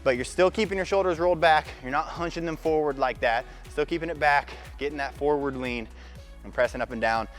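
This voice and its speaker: A man's voice: on the high side, fast talker, few pauses, faint music behind. A man giving casual workout instructions as a fitness coach, talking while he demonstrates exercises and sometimes sounding slightly strained from the effort. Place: gym.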